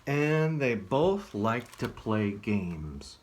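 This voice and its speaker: A man reading a picture book aloud as a children's librarian, gently asking the listener questions. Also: fairly low pitch, sing-song, very slow.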